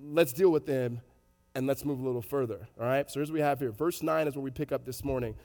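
A man preaching a sermon in a conversational storytelling way, animated, with many fillers and restarts. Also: medium pitch, fast talker, in a large hall. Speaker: pastor.

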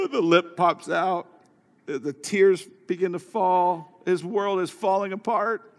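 A male pastor preaching a sermon who moves from quiet storytelling to raised, urgent exhortation. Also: sits high, fairly even intonation, takes it slowly. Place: church hall. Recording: live sermon with long hall reverb.

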